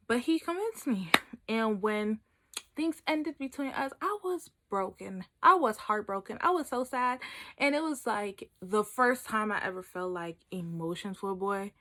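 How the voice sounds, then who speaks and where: Animated young woman telling a story. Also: medium pitch. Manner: animated, playful, dramatic storytelling with lots of "like". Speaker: vlogger. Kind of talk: storytime vlog.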